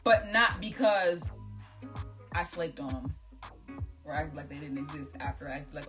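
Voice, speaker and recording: A woman's voice: sits low, moderate pace, soft background music. A woman hosting a reaction video, talking bluntly and with lots of profanity, and breaking into mocking impressions. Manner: blunt, profane, animated, mock-imitating voices. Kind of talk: casual reaction commentary. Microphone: phone.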